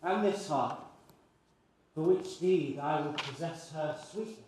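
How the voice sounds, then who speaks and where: A man's voice: fairly high pitch, measured pace, darkish tone, lightly acted. An actor playing a brooding young man torn by lust in a live stage play, delivering verse earnestly and intensely. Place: university theatre stage. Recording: echoey stage with faint noise.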